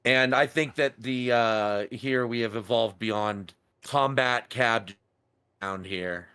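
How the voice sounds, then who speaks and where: A man running a tabletop game as game master, narrating scenes in a relaxed way. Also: medium pitch, takes it slowly, clear, resonant tone.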